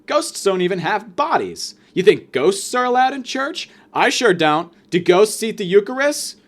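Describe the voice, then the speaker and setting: A man's voice: high voice, moderate pace. A young man telling a story in a profane, sarcastic rant, hosting his own show. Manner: profane, sarcastic, animated ranting. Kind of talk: ranting storytelling monologue.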